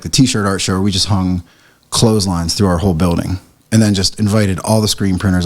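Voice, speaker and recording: A man from the area, a print shop owner telling a story as a podcast guest, laughing and acting out what people said. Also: deep voice. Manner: animated, laughing, acts out quoted lines. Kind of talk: casual storytelling chat.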